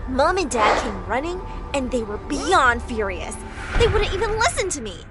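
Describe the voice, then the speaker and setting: Young woman, dramatic story narration, lively swinging pitch, soft music underneath. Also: moderate pace, slightly rough, no room sound. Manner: emotive, rising and falling with the drama.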